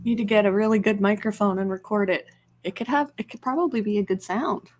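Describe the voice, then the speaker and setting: A woman's voice: medium pitch, quick pace. Giggly woman chatting on a live stream. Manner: chatty and rambling, laughs often. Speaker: ASMR live-stream host. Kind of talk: casual live-stream chat.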